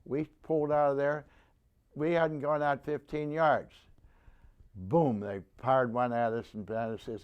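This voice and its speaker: A man's voice: medium pitch, fairly even intonation, unhurried, clean tone, lo-fi sound. A man in his nineties, a veteran, tells a rambling war story with many restarts and acts out the voices of the people he quotes. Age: 90s. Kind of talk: oral history storytelling.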